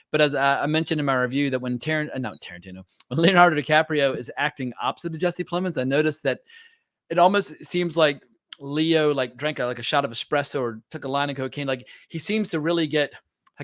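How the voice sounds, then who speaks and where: A man's voice: medium pitch, fairly bright tone, no echo, studio quality. A man hosting a casual film discussion, opinionated, asking questions and breaking off to restart sentences. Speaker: film podcast host.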